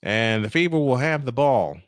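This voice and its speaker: A male announcer calls basketball play-by-play from what sounds like a home setup. His delivery is animated, with big swings in pitch, and he drifts into chatty, self-deprecating asides. The sound is dry and close, with no room echo. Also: normal speed.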